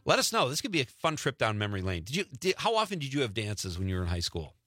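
Chatty, animated radio host man. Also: medium pitch, fast talker, no room sound, studio quality. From Wisconsin. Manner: chatty, animated, laughs often. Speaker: radio talk show host. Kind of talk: casual radio talk.

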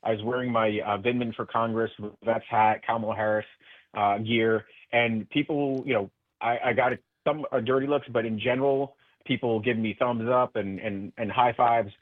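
A man's voice: mid-range voice, fairly even intonation, normal speed, no room sound. A man speaking as a guest in a radio interview by phone, passionate and earnest, with many restarts. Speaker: political guest. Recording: tinny phone line.

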